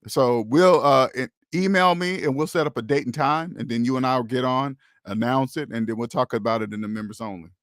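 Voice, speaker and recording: A man's voice: medium pitch, a little fast, few pauses, a bit bright, dry recording, studio quality. A man hosting a casual livestream, talking to viewers in an emphatic, preachy way and repeating his points. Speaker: host of a personal finance livestream.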